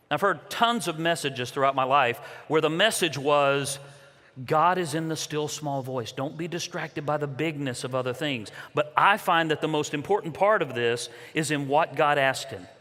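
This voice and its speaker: A man with a fairly high, bright and forceful voice delivers an inspirational faith talk with earnest, preacherly emphasis. He speaks into a stage mic, and his words ring out with the long reverb of a large conference hall. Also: moderate pace.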